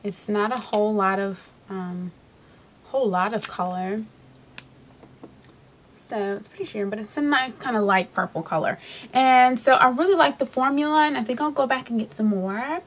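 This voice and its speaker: A woman's voice: a little high, normal speed, a little hiss or hum. A young woman casually reviewing drugstore lipsticks in a chatty, rambling way, with frequent fillers and restarts. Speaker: beauty vlogger.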